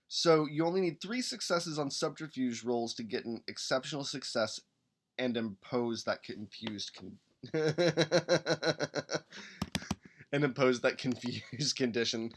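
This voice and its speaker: A man in casual live-stream chat, upbeat and rambling, with a voice of ordinary middle pitch. He reads rules text aloud between quick asides and hums under his breath while searching. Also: a little hiss or hum. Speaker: podcast host building a game character.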